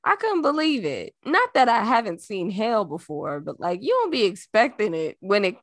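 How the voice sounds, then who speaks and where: A woman's voice: mid-range voice, sing-song, normal speed, no echo, clean studio sound. A woman co-hosting a podcast in casual chat, blunt and exasperated, swearing freely. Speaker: podcast co-host.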